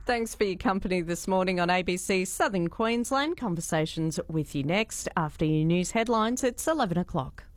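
A woman's voice: on the low side, animated, normal speed, hardly any pauses. A woman with an Australian accent presenting a local radio show in a chatty, friendly way. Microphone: studio microphone, dry.

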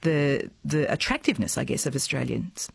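A woman's voice: rumbling low, lively intonation, normal speed, vocal fry, breathy edge. A woman hosting a radio interview, asking conversational questions into a close studio microphone. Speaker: radio host.

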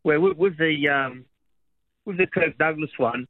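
A man phones in to a radio quiz and talks in short, halting bursts. His voice sits fairly high. It comes through a thin, tinny phone line. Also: no echo. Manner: hesitant, halting speech. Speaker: caller. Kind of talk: phone-in quiz answer and chat.

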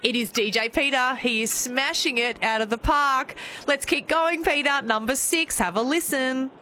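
A woman's voice: sits high, moderate pace, very noisy. A woman hosting a radio song quiz, bubbly and encouraging, laughing often. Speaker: radio host.

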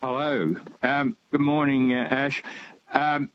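A man's voice: medium pitch, fairly even intonation, slow pace, lo-fi sound, a little hiss or hum. An older man calling in to a radio show, talking in a rambling, hesitant way with many fillers. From Australia. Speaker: caller. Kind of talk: phone-in call.

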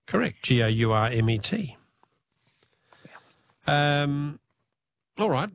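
A man's voice: fairly high pitch, big pitch swings, slow, creaky, dry recording. A man hosting a talkback radio quiz, joking, punning and spelling out answers.

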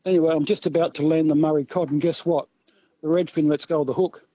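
A man's voice: a little high, fast, highs cut off, a little hiss or hum. A man with an Australian accent calling a radio show and telling a fishing yarn with gusto. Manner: lively yarn-spinner, laughs. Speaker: caller. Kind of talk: storytelling on a call-in.

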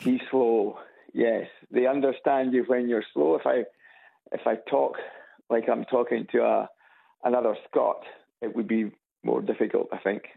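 Scottish man from Edinburgh calling a radio show, easygoing and hesitant, raspy over a tinny loudspeaker phone. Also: medium pitch, steady tone, normal speed. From Scotland. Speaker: caller. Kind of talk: casual phone chat.

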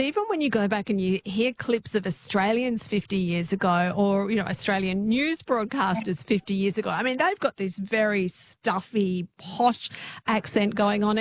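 A woman's voice: mid-range voice, lively intonation, moderate pace. A woman hosts a radio interview, asking questions in a friendly, inquisitive tone. Faint noise sits behind her. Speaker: radio host.

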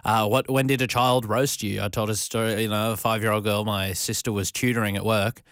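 Young male radio host, slightly low voice, dry close studio mic, loose self-deprecating chat. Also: fairly even intonation, brisk, a bit bright, dry recording. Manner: chatty, self-deprecating, reads out listener texts. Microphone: studio microphone.

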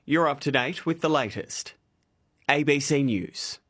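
A man reading a radio news bulletin in an even, measured way. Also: a little high. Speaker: newsreader.

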